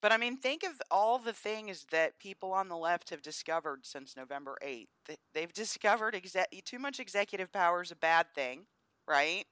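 A woman's voice: on the low side, animated, normal speed, a bit bright, no room sound. A woman co-hosting a podcast, talking politics in an emphatic, scornful way. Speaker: podcast co-host. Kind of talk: casual political chat.

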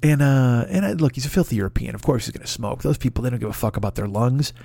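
Man, comedy podcast rant, profane, rambling, riffing, medium pitch, dry sound. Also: fast talker, creaky, warm tone, no room sound.

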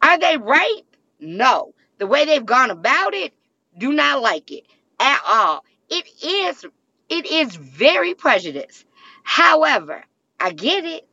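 Woman, political guest, measured and earnest, high voice, slow, dry lo-fi sound. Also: very animated, pushed and bright, dry recording. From South Side of Chicago. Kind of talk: political talk interview.

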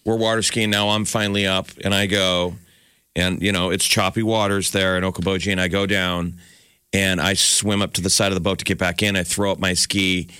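A man co-hosting a morning show, chatting casually and telling animated stories. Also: fairly quick, clear, resonant tone, no room sound, studio quality. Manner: animated storyteller, jumps up in pitch at punchlines. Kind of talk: casual radio banter and storytelling.

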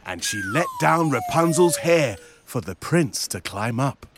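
A man narrating a children's story, animated and speaking to young listeners. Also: medium pitch, unhurried, noisy background.

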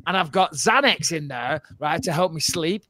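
A man co-hosting a podcast, telling an animated story and swearing freely. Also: on the high side, normal speed, no room sound. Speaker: podcast co-host. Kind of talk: casual podcast chat.

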